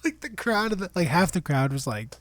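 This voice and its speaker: A man's voice: high-pitched, sing-song, fairly quick, a bit bright, no echo. A young man co-hosting a podcast in casual chat, playful and giggly as he riffs on jokes. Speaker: podcast co-host.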